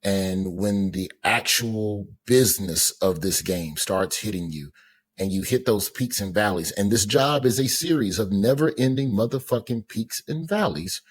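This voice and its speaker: A man's voice: fairly low pitch, animated, measured pace, breathy edge. A man who is a comedian and podcast guest, talking bluntly and reflectively in casual, profane chat.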